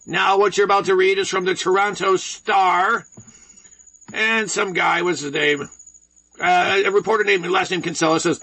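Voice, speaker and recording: A man's voice: sits high, a little fast, bright, forceful tone, breathy edge, low-quality recording. A man from Detroit hosting a radio talk show, delivering a sarcastic, rambling monologue full of asides.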